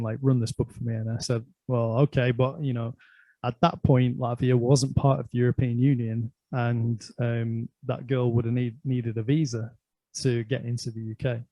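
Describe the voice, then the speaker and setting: Middle-aged guy with a gravelly, mellow voice, telling a story, lots of "like" and little laughs. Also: mid-range voice, dry recording. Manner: rambling, laughs often, fills with "like" and "um". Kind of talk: casual anecdote telling.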